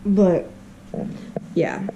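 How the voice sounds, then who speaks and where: A woman's voice: lowish voice, huge pitch swings, extremely slow, vocal fry, warm tone, muffled recording, slight background noise. Candid rambling woman vlogging. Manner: candid, rambling, laughs between thoughts. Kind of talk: casual vlog chat. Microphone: handheld camera.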